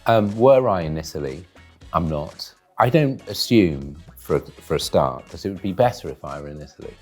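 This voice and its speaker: Deep, husky, deadpan man. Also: moderate pace, faint music behind. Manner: dry, deadpan and wordy. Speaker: guest taste-testing food. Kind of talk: deadpan comic commentary. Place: studio.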